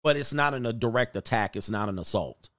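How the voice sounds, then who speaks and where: A man's voice: medium pitch, lively intonation, brisk, a bit bright. Man, dating coach, crude, joking, laughs a lot, casual livestream.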